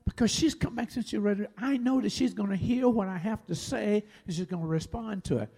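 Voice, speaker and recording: A man in his fifties, a pastor telling a personal story in a sermon, animated and swinging from loud to near-whispered. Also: high-pitched, brisk, creaky.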